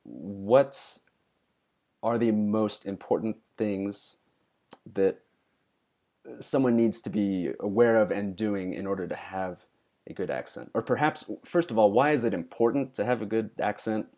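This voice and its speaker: A man with a fairly low voice hosts an interview, asking careful, slightly wordy questions. He listens attentively and fills gaps with short affirmations. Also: a little slow, mellow. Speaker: podcast host.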